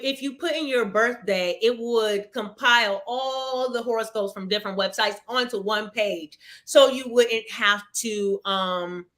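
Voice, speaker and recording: Bright-voiced woman in her thirties telling her story. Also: a little high. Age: 30s. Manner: earnest and reflective, with frequent restarts. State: tearful at moments. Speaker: webinar guest. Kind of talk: personal story in a live webinar.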